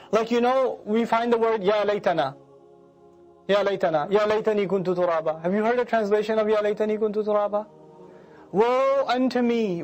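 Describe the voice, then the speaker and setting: High-voiced animated male lecturer. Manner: animated, acts out emotions and recites Arabic verses. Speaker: Quran lecturer. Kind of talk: lecture explaining scripture.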